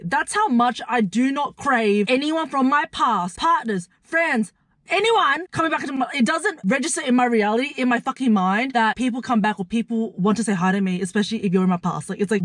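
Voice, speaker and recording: A young woman with a fairly high voice tells a storytime vlog straight to camera in a blunt, profane, animated way. The sound is dry and close, with no room echo. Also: fast. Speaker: lifestyle and mindset creator.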